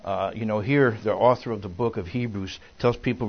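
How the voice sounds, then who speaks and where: Folksy rambling male preacher, low-ish voice. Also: a little fast, few pauses, breathy edge, muffled recording. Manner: folksy, rambling, many fillers and restarts. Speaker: minister. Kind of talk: sermon.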